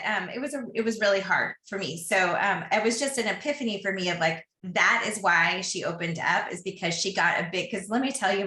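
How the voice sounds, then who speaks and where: A woman in her thirties tells a personal story on a podcast in a casual, chatty way, often stopping to restart a thought. Her voice is bright and forward. The room around her is echoey and noticeably roomy. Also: mid-range voice.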